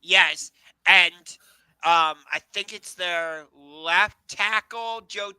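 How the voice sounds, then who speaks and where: A man's voice: high voice, very slow, sharp tone, clean tone, no room sound, low-quality recording. A man co-hosting a casual sports podcast, talking hesitantly with lots of ums and asking his partner's views. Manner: hesitant, many ums, questioning. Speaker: podcast co-host.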